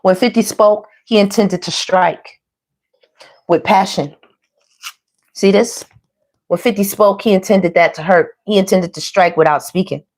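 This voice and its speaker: A woman's voice: mid-range voice, unhurried, long pauses. Chatty woman doing a tarot reading. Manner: chatty, animated, slangy, addresses viewers as y'all. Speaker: tarot reader. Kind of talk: casual tarot reading monologue.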